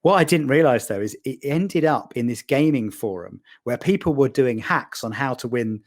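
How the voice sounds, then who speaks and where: As a guest on a podcast, a man tells lively anecdotes in a casual storytelling style, acting out the voices of the people he quotes. He has a medium-pitched voice and speaks at normal speed.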